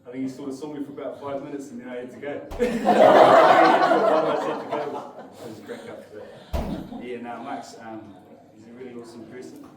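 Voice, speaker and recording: A young man with a New Zealand accent giving a halting, emotional farewell speech, his voice choking up between fillers. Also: medium pitch, flat delivery. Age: young adult. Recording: echoey room, distant mic, loud noise.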